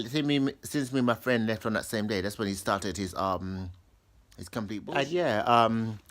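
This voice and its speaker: A man's voice: fairly low pitch, a bit bright. Rambling man telling a story. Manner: rambling, full of restarts, acts out others' lines in raised voices. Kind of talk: casual storytime monologue.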